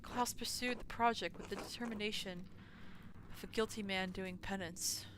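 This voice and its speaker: A woman reading aloud for a grim, resigned older male priest, in a quiet and measured way, over a noisy recording. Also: medium pitch, fairly even intonation, close to an everyday voice. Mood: solemn.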